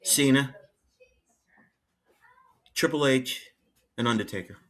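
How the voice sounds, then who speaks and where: A man, a guest on a podcast, telling backstage stories in an animated, laughing way and acting out what people said. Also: mid-range voice, slow pace. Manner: lively, laughing, acts out quotes. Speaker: guest, former head of wrestling security.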